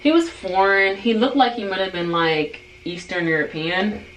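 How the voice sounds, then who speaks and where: A woman's voice: medium pitch, lively intonation, normal speed. A young woman vlogger casually telling a story while doing her hair, rambling and peppering her talk with "like". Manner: chatty, rambling, full of "like". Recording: roomy room with faint noise.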